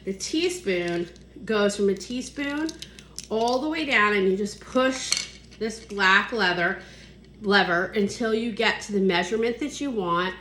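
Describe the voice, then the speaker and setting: A woman's voice: mid-range voice, measured pace, a bit bright, echoey room, slight background noise. A woman hosting a casual vlog, chatting enthusiastically as she shows off kitchen products. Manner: chatty, enthusiastic, counts points off as she goes. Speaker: host demonstrating kitchen products.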